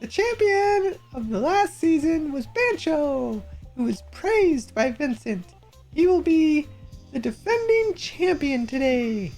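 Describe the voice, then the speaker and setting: A woman voicing a chirpy young female TV presenter in a squeaky announcer manner while reading game dialogue aloud. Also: big pitch swings, slow pace, a little mellow, faint music behind, heavily acted. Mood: perky.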